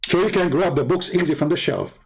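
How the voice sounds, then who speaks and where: A man's voice: fairly high pitch, a little fast, husky. Taunting man with a tinged voice. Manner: taunting, sarcastic, repeats words for emphasis. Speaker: online debate host. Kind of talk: mocking monologue.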